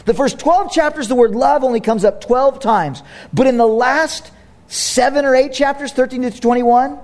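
A man's voice: very high voice, normal speed. A male pastor in his thirties preaching a sermon in a church, telling stories with humor and speaking straight to his congregation. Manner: animated, humorous storytelling, direct to congregation.

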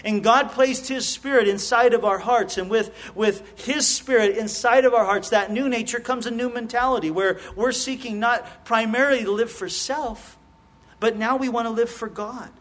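High-voiced man preaching a sermon. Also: moderate pace, a bit bright. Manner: earnest preaching, stammering repetitions and restarts. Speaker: pastor.

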